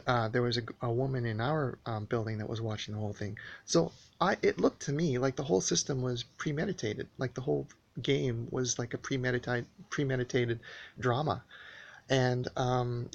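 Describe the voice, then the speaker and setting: Gravelly man rambling through a grievance. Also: medium pitch, lo-fi sound. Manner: rambling, hesitant, many uh and um fillers; earnest, aggrieved retelling. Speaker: vlogger recounting a personal dispute. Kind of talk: casual spoken monologue.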